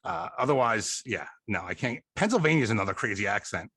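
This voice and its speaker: A man's voice: mid-range voice, big pitch swings, fairly quick, a bit bright, husky, no room sound. A man from Long Island with a Long Island New York accent, hosting a podcast in casual interview chat, laughing often and poking fun at himself. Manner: laughs often, chatty and self-mocking. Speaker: podcast host.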